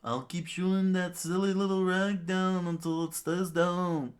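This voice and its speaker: A pompous, bellowing tyrant king from a comic read aloud, put on by a man. He sneers at everyone, his voice pushed high and loud. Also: fairly even intonation, measured pace, clean tone. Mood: angry.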